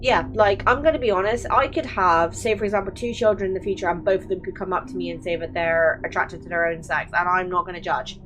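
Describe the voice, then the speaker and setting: A woman's voice: on the low side, fast talker, few pauses, background noise. A young woman hosting a casual chat, rambling with many fillers and restarts. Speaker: channel host.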